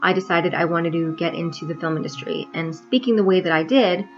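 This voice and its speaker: Woman with a trained neutral american accent, blunt and sweary, kinda low voice, dull lo-fi sound with faint music under it. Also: fairly quick. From New York, US. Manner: blunt, wry and profane. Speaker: vlogger. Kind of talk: confessional vlog monologue.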